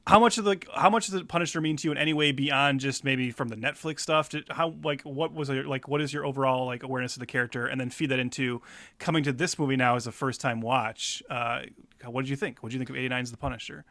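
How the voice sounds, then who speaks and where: A man hosts a film podcast in rambling casual chat, laughing often. His voice is bright and quick. The sound is dry and close. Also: medium pitch, steady tone, no echo. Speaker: podcast host.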